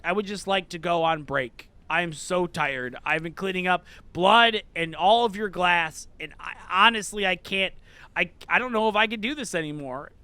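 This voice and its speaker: A man's voice: high-pitched, normal speed, bright, forceful tone, clean tone, no room sound, voice pushed down. A man doing Trevor, a worn-out clerk. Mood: weary. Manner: exasperated, pleading. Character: stressed young male pet store clerk, weary and fed up.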